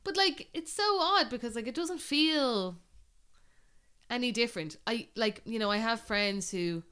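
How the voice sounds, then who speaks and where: A woman's voice: a little high, animated, measured pace, fairly bright tone, smooth. A young Irish woman hosting a podcast, telling a long personal story in a rambling, casual way full of "like". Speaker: podcast host. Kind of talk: casual chat.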